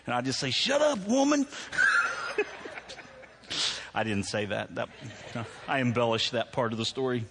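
A middle-aged pastor preaching to his congregation in a church. He has a medium-pitched male voice and a joking, self-deprecating way of talking, and he often laughs at his own stories. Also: steady tone, fast, vocal fry, hardly any pauses, background noise. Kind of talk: sermon. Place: church sanctuary.

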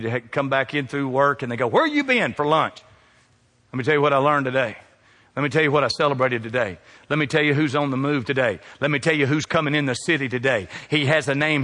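Pastor preaching in an echoing hall. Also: male voice, medium pitch. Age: middle-aged. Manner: dynamic preaching, swinging from hushed to loud. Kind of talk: sermon.

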